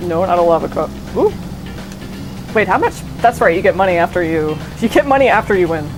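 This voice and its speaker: A woman's voice: fairly low pitch, very animated, fairly quick, rough recording. Rambling, profane young woman streamer. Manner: rambling, profane, self-interrupting. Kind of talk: casual gameplay commentary. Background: faint game music.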